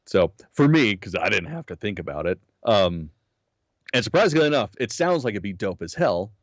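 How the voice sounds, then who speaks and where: A man co-hosting a podcast in a casual, profane chat, his voice a little hoarse. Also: on the low side, moderate pace, no room sound, muffled recording. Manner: profane, animated storytelling. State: slightly hoarse. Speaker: podcast co-host.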